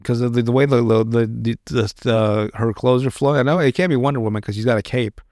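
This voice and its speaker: A man chats on a podcast in a loose, rambling way. He swears freely and restarts his sentences often. His voice sits at an ordinary middle pitch and sounds close and dry, with no room behind it. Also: quick pace, a little mellow, no echo. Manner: rambling and profane, with many restarts. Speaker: podcast host. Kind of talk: casual chat.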